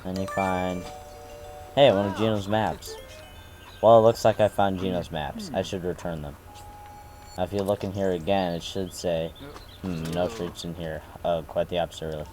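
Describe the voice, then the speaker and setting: Deep, mellow-voiced dry game commentator. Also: male voice, little pitch movement, moderate pace, faint music behind. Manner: dry, sarcastic asides. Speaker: let's play commentator.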